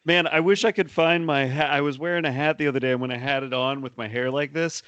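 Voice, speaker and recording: A man co-hosting a podcast in casual chat, talking very fast with a bright, forceful tone. He sounds enthusiastic and self-deprecating. His voice sits a little high, and the sound is dry and close. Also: fairly even intonation, clear, resonant tone, no echo, lo-fi sound. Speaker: podcast co-host.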